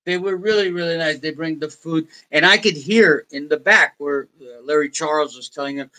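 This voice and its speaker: A man's voice: a little high, a little fast, few pauses, bright, forceful tone, rough recording. An older American man, a podcast guest, telling rambling stories with many restarts and quoted voices. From United States. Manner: rambling anecdotes with restarts, quoting others in put-on voices. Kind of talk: casual interview storytelling.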